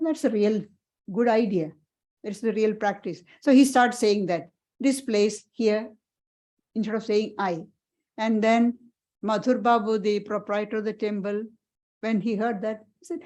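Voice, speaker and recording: A woman monastic teacher giving a spiritual parlour talk, earnest and halting, often repeating and restarting her phrases. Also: mid-range voice, darkish tone, low-quality recording.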